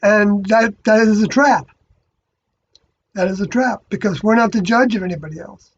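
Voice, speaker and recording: A speaker giving a rambling spiritual monologue, halting and often stopping to correct themself. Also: medium pitch, slightly rough. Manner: halting, many fillers and restarts, self-correcting. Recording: dull lo-fi recording.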